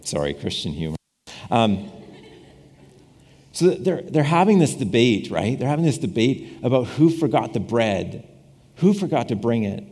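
A man's voice: medium pitch, sing-song, normal speed, long pauses, warm tone, breathy edge. A man preaching a casual, conversational sermon, often repeating and restarting his phrases and acting out quoted voices with humor. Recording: long hall reverb.

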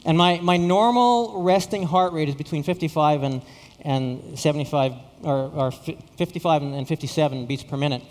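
A man's voice: a little high, moderate pace, hardly any pauses, a little mellow, big-room sound. A middle-aged man from Saskatchewan, a pastor telling a story in a sermon, often repeating words with self-deprecating humor. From Saskatchewan, Canada.

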